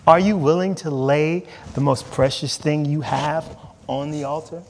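A man's voice: a little high, fairly even intonation, measured pace, a little mellow, in a large hall. A man, a head pastor, preaching a sermon in an emphatic way, repeating words and reading scripture aloud.

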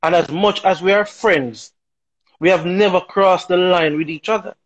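A man's voice: high-pitched, moderate pace, dull audio. A man, a talk show guest arguing his views emphatically and rhetorically, often checking in with "right?". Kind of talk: opinionated talk show discussion.

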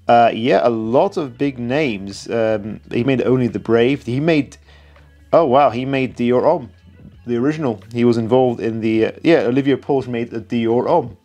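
A man's voice: mid-range voice, normal speed, dark tone, soft background music. A man chats through a perfume video as a reviewer, tired but enthusiastic. He talks in a loose, self-mocking way, full of asides. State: tired late at night. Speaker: perfume reviewer reacting to a documentary. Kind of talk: casual reaction commentary.

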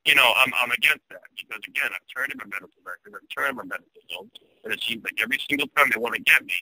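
A man's voice: mid-range voice, rapid-fire, bright, forceful tone, slightly rough, no room sound, poor audio. A middle-aged man telling an emotional personal account of mistreatment at work, tense and distressed, acting out the quoted dialogue. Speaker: guest telling his story.

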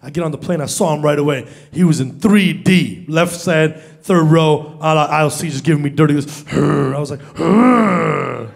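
A young man with a high voice tells a story on stage in a stand-up set. He delivers it in an animated way, acting out the voices of the people in it. He speaks into a stage microphone. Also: brisk. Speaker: stand-up comedian. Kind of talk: stand-up comedy routine. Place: stage before a live audience.

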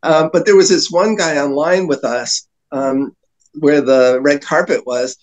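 A man's voice: on the high side, fairly even intonation, a little slow, low-quality recording. A man telling long rambling anecdotes as a podcast guest, with frequent fillers and laughter. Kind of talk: storytelling in casual chat.

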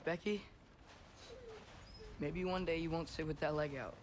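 An actor playing an earnest teenage boy in a video game, talking softly and tenderly. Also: fairly high pitch, steady tone, measured pace, a little hiss or hum, close to an everyday voice. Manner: soft, tender with animals.

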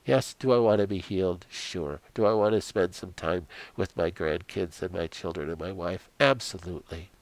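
An older man giving an earnest devotional sermon, telling stories dramatically and sinking into quiet prayer. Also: low voice, moderate pace, few pauses, no room sound. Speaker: Christian health coach.

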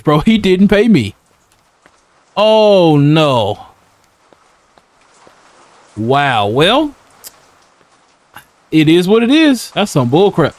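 A young man casually commenting on a horror game as he plays, slangy and laughing often, talking back to the characters. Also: on the high side. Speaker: gaming YouTuber. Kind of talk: casual let's-play commentary.

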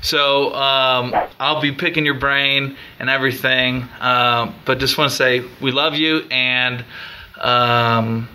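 A man giving a slow, earnest thank-you in a tribute video, searching for words as the new youth minister. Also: mid-range voice, fairly even intonation, bright, forceful tone, slight background noise.

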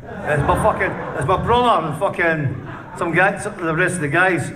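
A man's voice: sits high, moderate pace. A Scottish man, a punk band's singer, tells a rowdy anecdote in an interview, swearing constantly and laughing as he goes. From Scotland. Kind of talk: casual storytelling. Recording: distant mic with faint noise.

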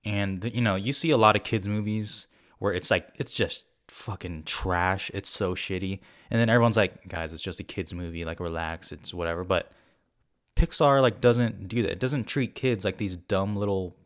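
Rambling young man reviewing a film. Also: lowish voice. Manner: rambling and excitable, with frequent fillers and swearing. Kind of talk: casual spoken movie review.

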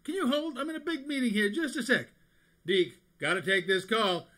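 A man voicing a fast-talking, flattering Hollywood movie agent in a cartoon parody, with a smooth sales patter. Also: extremely high pitch, full character voice, rough recording. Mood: hurried.

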